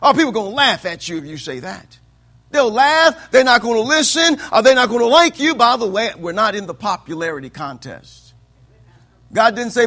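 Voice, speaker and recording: A man preaching a sermon, asking the congregation for amens and swinging between loud declaiming and quiet asides. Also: sits high, expressive, moderate pace. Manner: call-and-response preaching, asks for amens. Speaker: pastor.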